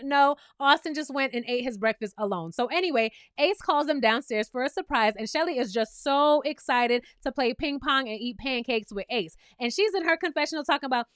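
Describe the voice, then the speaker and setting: Sassy high-voiced woman recapping. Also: a little fast, few pauses, clean tone, no room sound, soft background music. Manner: sassy, talks back to the cast, animated asides. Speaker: reality show recap host. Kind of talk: casual recap commentary.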